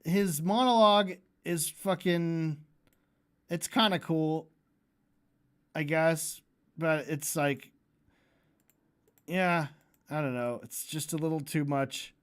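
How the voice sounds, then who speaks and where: A fairly high-voiced man rambles through a casual livestream rant, sarcastic and sweary. He restarts his sentences, laughs at his own jokes and now and then bursts into loud mock voices. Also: slow pace, pauses often, smooth. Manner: profane, sarcastic, rambling, mimics voices with shouts. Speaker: streamer.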